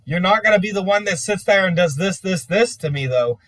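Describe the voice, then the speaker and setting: A man's voice: high-pitched, expressive, brisk, a bit bright, dry recording. A man ranting in an exasperated, profane monologue full of repetition. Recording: dry, distant from mic.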